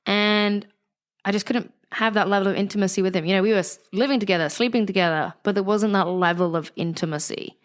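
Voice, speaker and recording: A woman's voice: medium pitch, quick pace, clear, resonant tone. Frank West Country woman telling her story. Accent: West Country English. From West Country, England. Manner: frank, animated storytelling, swears freely. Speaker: guest. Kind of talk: candid interview conversation.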